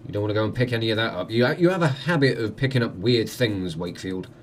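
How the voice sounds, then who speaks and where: A man's voice: fairly low pitch, animated, fast talker, a little hiss or hum. A man, commenting on a game he plays with wry, joking asides. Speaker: let's play host.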